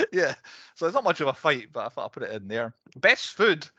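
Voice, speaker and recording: A man's voice: fairly high pitch, wildly swooping pitch, brisk, bright, forceful tone, dry recording, muffled recording. A man co-hosting a casual film-review podcast, chatty and often laughing as he runs through his categories. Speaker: podcast co-host.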